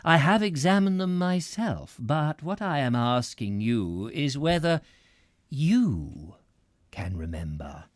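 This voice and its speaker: Guy voicing a placid slow official, soft drawn-out questions, audiobook, dry sound. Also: fairly high pitch, sing-song, dry recording. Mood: placid probing. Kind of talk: audiobook character voice.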